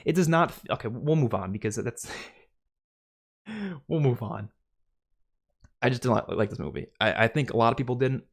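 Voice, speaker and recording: A man's voice: mid-range voice, expressive, normal speed, creaky, long pauses. A young adult man hosting a livestream, ranting casually and exasperated, with heavy use of "like" and frequent restarts. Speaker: livestream host.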